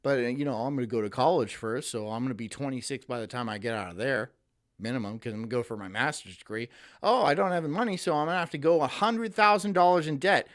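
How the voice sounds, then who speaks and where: A streamer putting on a naive young student who breezily talks himself into big debts, speaking fast and carelessly. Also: medium pitch, pitched below the performer's own voice, close to an everyday voice. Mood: breezy. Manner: breezy, overconfident, rushed.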